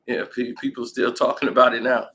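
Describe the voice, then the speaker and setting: Animated, bright-voiced male sports vlogger. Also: medium pitch, a little fast, poor audio. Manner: animated storytelling, laughs often. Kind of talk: casual sports commentary.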